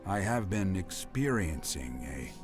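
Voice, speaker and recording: A man voicing a reclusive male scientist reading diary notes in a video game, in a flat, unacted script-reading manner. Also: deep voice, measured pace, over music.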